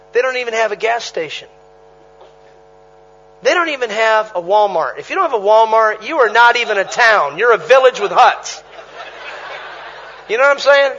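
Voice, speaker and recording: A traveling preacher man with a very high, bright, sharp voice, telling revival stories with punchy repetition and quick laughs. The recording is dull and lo-fi. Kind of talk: sermon.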